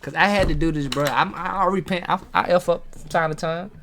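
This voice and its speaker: A man's voice: fairly high pitch, fairly quick, fairly bright tone, slight background noise. Preachy man firing questions at viewers. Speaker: motivational video host. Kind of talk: casual motivational talk to camera. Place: at a table, self-filmed. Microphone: camera on a table.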